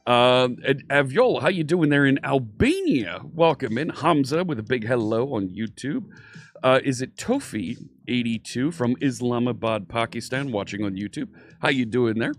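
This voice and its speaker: A man with a medium-pitched, expressive voice speaks at a moderate pace in a dry recording. He's from Philadelphia, USA, with a light local accent, teaching programming on a casual, upbeat live stream from his home studio and greeting viewers by name. Faint synthwave music plays behind him.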